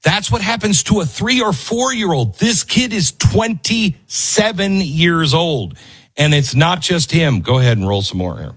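A man's voice: fairly high pitch, lively intonation, unhurried, a bit bright, breathy edge. A man hosting an opinionated commentary show, speaking emphatically and repeating his key phrases like a lecture. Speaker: host.

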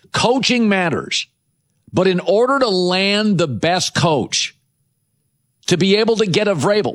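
A somewhat high-pitched man hosting a sports talk show. He talks in an emphatic, conversational way, firing off rhetorical questions and quick asides as he argues his point. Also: a bit bright. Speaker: sports radio host. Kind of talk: opinionated sports talk monologue.

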